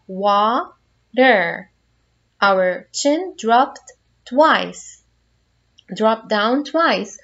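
A woman's voice: a little high, dull audio. A woman teaching a phonics lesson to young children, patiently guiding them through each word step by step.

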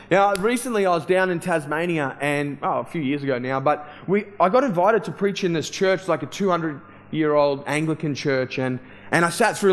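Male pastor, slightly high voice, chatty sermon storytelling, loose and full of fillers. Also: slight background noise. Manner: casual, conversational, many fillers and restarts.

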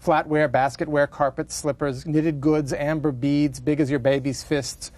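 A man's voice: a little high, fairly even intonation, moderate pace, a little mellow, dry recording, close to an everyday voice. A man reading aloud as a chatty middle-aged British housewife, in his own voice, in ornate run-on sentences that keep breaking off to apologize. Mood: wry rambling. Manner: ornate run-on monologue with self-interruptions.

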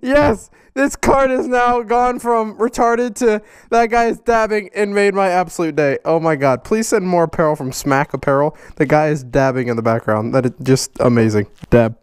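A man in his twenties opening fan mail on his vlog, loud, hyper and goofy, jumping between high yelps and low growls. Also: moderate pace, hardly any pauses, smooth, no echo. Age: 20s. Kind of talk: casual vlog chat.

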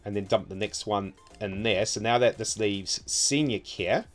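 Kiwi guy playing a city builder, kinda low voice, mumbling to himself with dry little jokes, faint music and typing behind. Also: moderate pace. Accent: New Zealand. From New Zealand. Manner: muttering to himself, wry and offhand. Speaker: city-building game streamer. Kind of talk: casual gameplay commentary.

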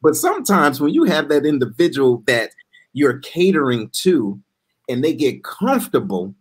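A man hosting a live talk show, jumping in with animated asides and addressing his audience directly. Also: medium pitch, moderate pace, slightly rough. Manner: animated, interjecting, preachy asides.

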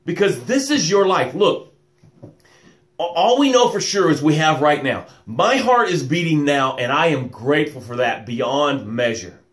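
A man hosting a live motivational stream, welcoming viewers by name and guiding slow breaths. He calls himself loud and boisterous. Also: fairly high pitch, animated. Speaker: motivational coach and show host. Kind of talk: live-stream pep talk with guided breathing.

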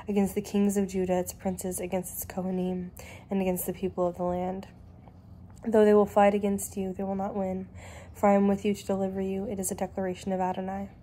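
Flat-voiced woman reading scripture. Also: mid-range voice, a little hiss or hum. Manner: steady, measured reading. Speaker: Bible reader.

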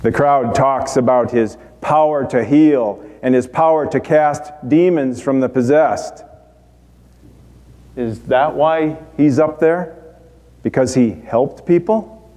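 An actor playing a dying, repentant male thief in a dramatic monologue, speaking in halting, broken phrases. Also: mid-range voice, warm tone, lightly acted. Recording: long hall reverb.

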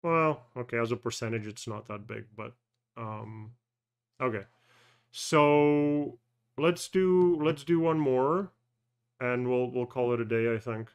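Slow, clear-voiced man thinking aloud. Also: medium pitch. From Canada. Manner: thinking aloud, halting, many fillers and self-corrections. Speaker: personal finance channel host. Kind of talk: casual live screen-share walkthrough.

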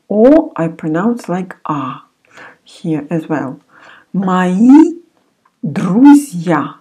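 A woman with a Russian accent teaching a language lesson, pronouncing each word slowly and repeating it several times. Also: on the low side, warm tone, breathy edge.

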